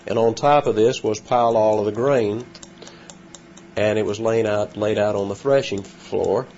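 A man giving an expository Bible lesson, explaining word meanings in a measured way with frequent pauses and fillers. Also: fairly low pitch, steady tone, darkish tone, slight background noise. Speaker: Bible teacher. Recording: slightly dull lo-fi recording with faint ambience.

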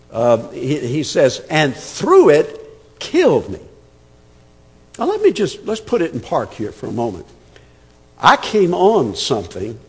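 A man's voice: mid-range voice, darkish tone, slightly rough, long reverb tail. A man preaching an expository sermon, emphatic and conversational, repeating words as he thinks. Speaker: pastor.

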